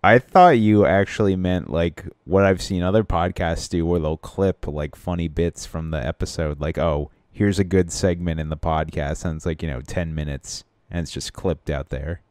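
A man's voice: low voice, fairly even intonation, normal speed, few pauses, a little mellow, clean tone, no echo, clean studio sound. A man co-hosting a podcast, chatting casually and easygoing, often trailing off and restarting his sentences. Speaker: podcast co-host. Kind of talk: casual chat.

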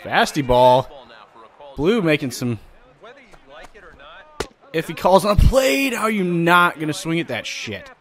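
A man hosting a gaming channel, giving loud, vulgar, excitable commentary while he plays. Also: fairly high pitch, measured pace, pauses often. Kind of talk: let's play commentary.

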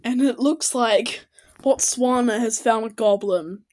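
A young woman giving casual reaction commentary to animated videos, exclaiming and firing questions at the characters on screen. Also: a little high, measured pace, rough recording.

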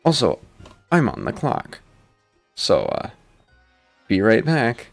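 A gaming channel host with a medium-pitched voice offers laid-back, self-mocking let's play commentary, slow and with frequent pauses and vocal fry. His pitch swoops wildly, he mumbles asides, and faint game music plays behind him.

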